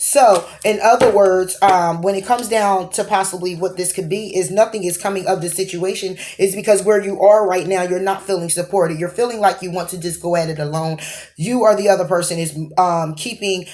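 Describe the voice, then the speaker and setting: A woman's voice: lowish voice, brisk, darkish tone. A woman giving a tarot reading to camera, rambling, rephrasing as she goes and checking in with a questioning "okay?". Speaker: tarot card reader.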